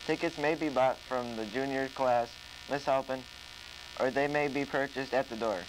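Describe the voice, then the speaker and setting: A man's voice: mid-range voice, steady tone, moderate pace. A man hosting a school morning show, reading the announcements earnestly with small stumbles. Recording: old tape with electric hum.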